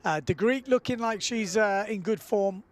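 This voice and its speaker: A man commentating live on a windsurfing event in a relaxed, chatty way, often filling pauses with "uh". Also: sits high.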